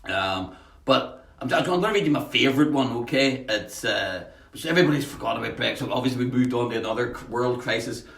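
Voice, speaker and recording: A man's voice: medium pitch, fairly quick, vocal fry, a bit bright. A man, a poet hosting a home livestream, chatting casually, greeting viewers by name with many fillers between readings. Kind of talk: casual live-stream chat and poetry reading. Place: at home, in a house. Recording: echoey room, voice off-mic.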